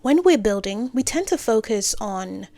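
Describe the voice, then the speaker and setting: A woman with a slightly high voice gives casual career advice straight to camera. She keeps breaking off for playful asides and self-corrections. She sometimes sinks into soft near-whispers, and the recording is dry, with no room sound. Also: very animated, normal speed, dry recording. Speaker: creator giving career advice.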